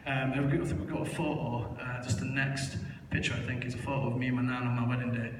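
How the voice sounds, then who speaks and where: A man's voice: medium pitch, flat delivery, fast talker, noisy background. Man, echoey distant church hall. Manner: candid, self-mocking storytelling with many fillers. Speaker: church member giving testimony. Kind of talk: personal testimony in church. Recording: echoey hall, voice heard from far off.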